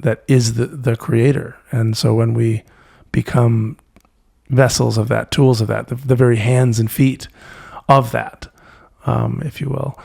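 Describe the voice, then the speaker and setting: Guy with a gravelly voice musing slowly, lots of restarts, mid pitch. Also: flat delivery, warm tone. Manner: halting, searching for words, many restarts. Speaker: interview guest, musician. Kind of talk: reflective conversation.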